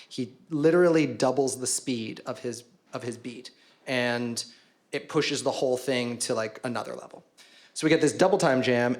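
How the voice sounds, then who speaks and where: A young adult man giving a guided listening lecture on a band's jams, counting beats and singing rhythms aloud at an arts venue. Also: mid-range voice. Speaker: musicologist lecturer. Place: arts venue event space. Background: music playback.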